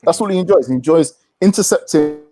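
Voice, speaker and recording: A man on a remote podcast call, giving measured, enthusiastic football analysis. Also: on the high side. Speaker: podcast panelist. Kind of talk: casual football podcast chat.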